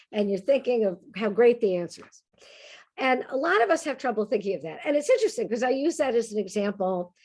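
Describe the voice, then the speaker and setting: A woman giving a humorous talk, conversational and lively, often checking in with the audience. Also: fairly high pitch. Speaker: speaker on humor.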